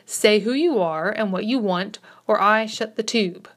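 A woman voicing a gruff, irascible elderly male doctor in a read-aloud classic story. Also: medium pitch, a little slow, a bit bright. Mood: irritable. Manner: gruff, impatient.

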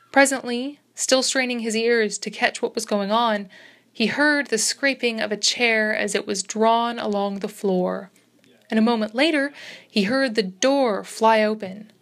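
A woman reading a classic story aloud in a steady, even narration style, sometimes correcting herself. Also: medium pitch. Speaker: reader.

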